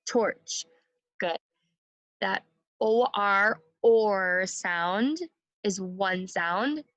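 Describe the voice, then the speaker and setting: Woman teaching phonics, slow and clear. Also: medium pitch, fairly bright tone, no room sound, rough recording. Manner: slow, clearly sounded-out teaching with call-and-repeat. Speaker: second grade teacher. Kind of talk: phonics lesson.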